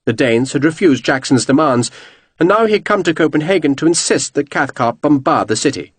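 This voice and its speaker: A man reading a historical novel aloud as audiobook narration, measured and expressive. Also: on the high side, slightly rough, no echo.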